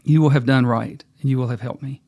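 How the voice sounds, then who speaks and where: A desperate young scorpion from a told fable begs for rescue in a gravelly, pleading voice, as a male storyteller puts him on. The sound is close and dry. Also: mid-range voice, steady tone, fairly quick, warm tone, no echo, close to an everyday voice. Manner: pleading, earnest.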